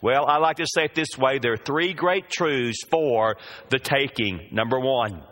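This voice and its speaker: A man's voice: mid-range voice, measured pace, fairly bright tone. A man preaching a sermon, drawing out the scripture quotes with emphasis.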